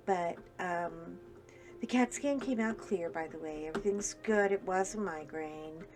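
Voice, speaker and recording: Woman, crafting vlogger, casual rambling chat, self-deprecating humor, faint background music. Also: medium pitch.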